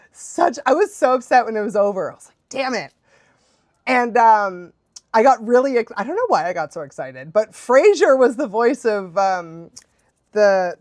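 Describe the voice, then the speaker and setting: A woman's voice: fairly high pitch, darkish tone, no room sound. A young adult woman chatting casually on a live stream as a dog trainer, bubbly and laughing often.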